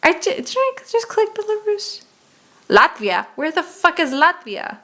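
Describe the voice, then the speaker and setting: A woman's voice: extremely high pitch, very animated, a little slow, sharp tone. A young woman streaming a geography game, chatting casually and muttering profanely in exasperation as she plays.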